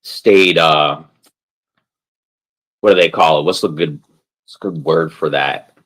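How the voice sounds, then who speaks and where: A man with a bass voice streams live, casually ranting as he plays a game; he takes it slowly, sounds a bit bright, and the recording is rough. He rambles, swears constantly, and pads everything with "like".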